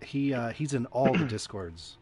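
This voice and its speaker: A man hosts a casual podcast chat with friends. He talks loudly and playfully, laughing often, at an ordinary middle pitch. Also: lively intonation, a little slow, breathy edge. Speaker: podcast host.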